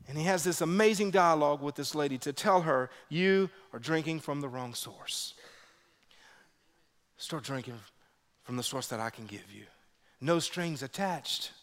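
Animated male pastor preaching in a hall. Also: moderate pace. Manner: animated, acts out quotes with big pitch jumps. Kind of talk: sermon with personal stories.

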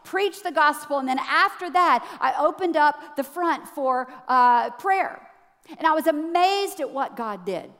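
A woman preaching a sermon to a church, animated, swinging between hushed, low passages and loud, excited ones. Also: a little slow, big-room sound.

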